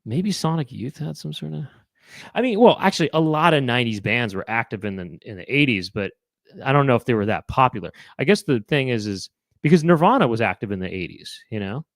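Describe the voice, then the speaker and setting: Man, live chat host, casual rambling talk, lots of fillers, mid-pitched, dry sound. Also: animated, fairly quick, no echo. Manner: rambling, musing aloud with many fillers and restarts.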